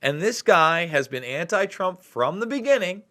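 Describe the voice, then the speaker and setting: A man hosting a political commentary show, talking in an excitable, sarcastic way and breaking in on clips. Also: high-pitched, moderate pace.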